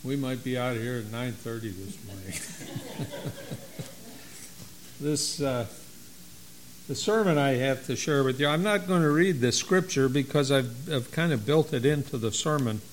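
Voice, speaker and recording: Slow-speaking pastor, a man. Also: a little high, low-quality recording. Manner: slow, folksy storytelling. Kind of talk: sermon.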